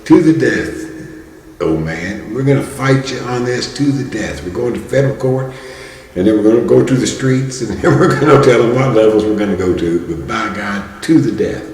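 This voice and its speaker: A man's voice: medium pitch, lively intonation, moderate pace, darkish tone, voice pushed up, lightly acted. A man voicing a fiery, defiant male union leader in a rousing, vehement way. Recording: roomy hall with long reverb.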